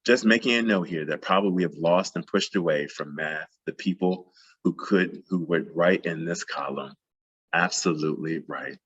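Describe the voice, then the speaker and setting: A man's voice: low voice, moderate pace, fairly bright tone, husky, lo-fi sound. A man giving a plenary talk at a math conference, passionate and emphatic, repeating phrases for emphasis. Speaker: plenary speaker.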